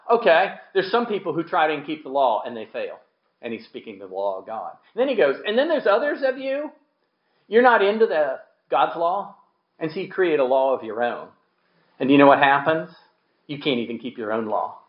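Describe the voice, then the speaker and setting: A man preaches a sermon in a conversational way, throwing rhetorical questions at his listeners and acting out little quotes. His voice sits a bit high and swings widely in pitch. The sound is roomy and slightly dull, as if recorded in a church. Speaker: pastor.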